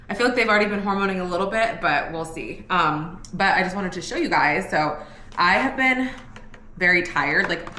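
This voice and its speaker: A woman's voice: fairly low pitch, sharp tone, reverberant, a little hiss or hum. A young woman chatting casually in a home vlog, tired, talking loosely with lots of "like" fillers. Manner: chatty, says "like" often. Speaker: vlogger.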